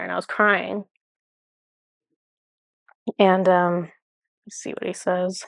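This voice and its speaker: A woman tells a spiritual story to her viewers in a loose, chatty way. She keeps saying "like" and corrects herself as she goes. Her voice is mid-pitched and sounds dry and close to the mic. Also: little pitch movement, takes it slowly, vocal fry, long pauses, fairly bright tone, no echo. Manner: chatty and rambling, full of "like" and self-corrections. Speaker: spiritual channeler telling a personal story.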